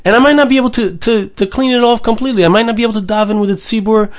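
A man with a high, light voice delivers a Torah lesson as a sermon. He speaks earnestly, repeats himself for emphasis and drops Hebrew terms into his English. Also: fairly even intonation, racing.

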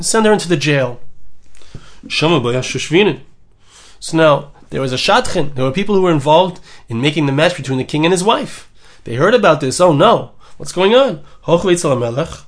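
A man leads a Torah class, reading out the original text and then explaining it with rising enthusiasm. His voice sits high for a man and he talks with lively energy. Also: brisk. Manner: reads Hebrew and Aramaic text aloud then translates, lively and emphatic. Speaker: Torah teacher.

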